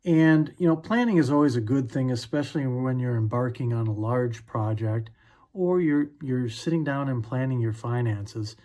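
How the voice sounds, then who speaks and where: A man, a financial advisor, giving a short unscripted talk on faith and money, relaxed and full of fillers and restarts. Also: medium pitch, normal speed.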